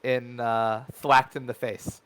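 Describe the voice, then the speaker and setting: A man's voice: medium pitch, level tone, slow pace, clear, resonant tone, dry recording, poor audio. A man running a tabletop game as game master, narrating the action in a rambling way full of fillers.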